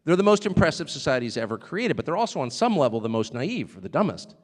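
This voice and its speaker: Man, high lively voice, sarcastic live speech in a big reverberant hall. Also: fast talker. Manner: conversational, sarcastic asides, laughs often. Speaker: speaker at a live event.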